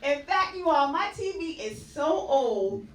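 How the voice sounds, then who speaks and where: A woman's voice: high voice, lively intonation, a little slow, roomy sound, recorded from a distance, rough recording. A woman doing a stand-up comedy set on a club stage, chatty and laughing at her own punchlines.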